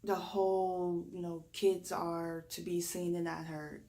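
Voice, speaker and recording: A woman with a Southern drawl, a deep raspy voice and a lisp, giving a spoken reflection as a reiki practitioner. She tends to talk fast when excited but deliberately slows herself down.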